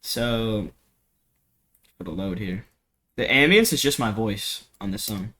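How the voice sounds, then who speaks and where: A young man with a bright, slightly sharp voice talks through a home production tutorial. He rambles loosely, heavy on slang, fillers and swearing. He speaks into a cheap desk mic in a home studio. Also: lowish voice, animated, takes it slowly. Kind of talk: casual screen-recorded tutorial.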